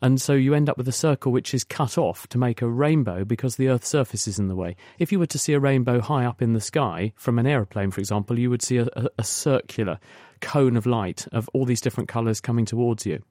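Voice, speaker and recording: A man's voice: mid-range voice, fast, dark tone, no room sound, clean studio sound. A man explaining science on a radio call-in show, patiently and at length. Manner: explains patiently in long spoken sentences with restarts. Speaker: science expert guest.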